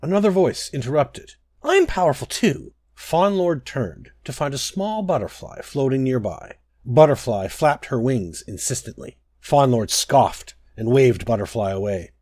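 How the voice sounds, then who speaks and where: A man narrating a scripted druidic fable in a measured storytelling manner. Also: medium pitch, lively intonation, mellow, no echo.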